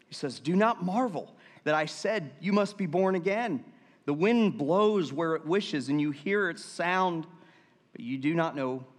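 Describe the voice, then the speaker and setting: Man preaching in a reverberant hall. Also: on the high side. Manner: lively, asks the congregation to repeat words aloud; jokey asides between verses. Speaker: pastor. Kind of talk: sermon with scripture reading. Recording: long reverb of a large hall.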